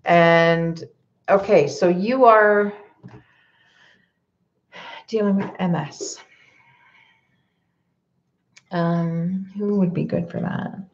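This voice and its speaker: A woman's voice: on the low side, fairly even intonation, slow pace, pauses often, highs cut off. A woman healer doing a live card reading, advising viewers in a conversational way, often checking in with "okay?" and laughing lightly. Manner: laughs lightly between points.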